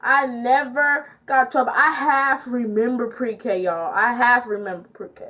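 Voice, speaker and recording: A woman's voice: fairly high pitch, fairly even intonation, a little slow. A teenage girl telling a storytime vlog, chatty and full of fillers as she retells it. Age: teens. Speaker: vlogger. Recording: dull lo-fi audio.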